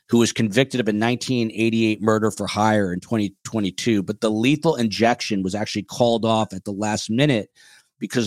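A male podcast host in casual chat, quick and joking as he reads out viewer comments. His voice sits fairly low and sounds a little out of breath, recorded close and dry. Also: dry recording.

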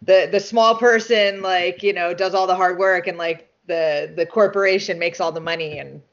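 Interview guest: woman, lively and profane, laughs a lot, muffled lo-fi audio. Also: fairly low pitch, moderate pace. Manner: animated, swears freely, laughs often. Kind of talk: casual interview chat. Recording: dull lo-fi sound.

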